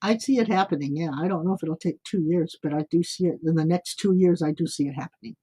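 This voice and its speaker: Middle-aged woman, husky voice, easygoing psychic cohost just talking it through. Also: lowish voice, fast talker, warm tone. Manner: easygoing, talks things through with fillers. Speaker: psychic radio show co-host. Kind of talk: casual call-in chat.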